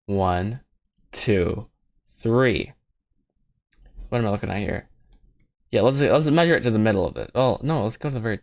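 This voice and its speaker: Modeling at his computer for a streamed film project, a man offers rambling, casual commentary, joking at his own expense in asides to himself. His fairly low voice is animated, at normal speed with frequent pauses, and the recording is dry.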